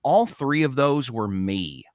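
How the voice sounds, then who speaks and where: Dude explaining stuff on a podcast, lots of uhs, dry close sound. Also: male voice, medium pitch, animated, slow, dry recording. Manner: rambling, explanatory, lots of fillers. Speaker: podcast co-host and radio worker. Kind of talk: casual podcast chat.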